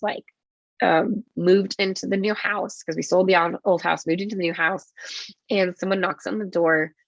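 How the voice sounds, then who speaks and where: Gravelly low-voiced woman telling a story. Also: a bit bright, no echo. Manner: swearing, quick and vivid, acts out her own quotes. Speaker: nurse, podcast guest. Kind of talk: casual storytelling interview. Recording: dull lo-fi podcast audio.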